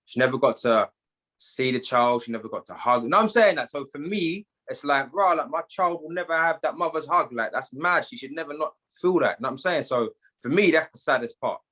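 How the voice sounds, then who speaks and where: British man, London slang, forceful bright voice, animated storyteller, podcast guest. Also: fairly high pitch, fairly quick. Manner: animated, street slang, acts out dialogue. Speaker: guest, gym owner.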